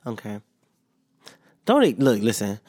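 A man's voice: fairly low pitch, big pitch swings, measured pace, mellow, no echo, clean studio sound. A man hosting a solo podcast, rambling casually with lots of swearing and fillers, sleepy and a little sick. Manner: rambling, profane, frequent fillers and restarts. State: sleepy, yawning; slightly sick. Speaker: podcast host.

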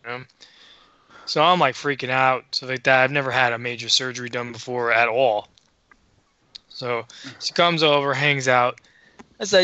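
Animated man telling a story, bright voice. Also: mid-range voice, moderate pace, pauses often, smooth, dry recording, lo-fi sound. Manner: animated, profane, acts out dialogue. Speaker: podcast co-host. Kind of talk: casual storytelling.

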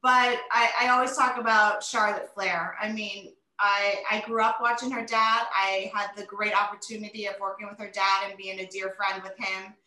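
Woman, forties, bright voice, fairly high, animated storyteller, roomy echo. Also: normal speed, hardly any pauses. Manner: animated, emotional storytelling with many fillers. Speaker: interview guest, retired wrestler. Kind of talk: casual interview chat.

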